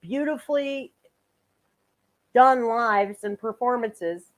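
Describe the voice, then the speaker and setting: A woman's voice: on the high side, takes it slowly. A woman streaming live, commenting on a clip with sarcastic, giggly and profane remarks. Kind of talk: casual livestream commentary.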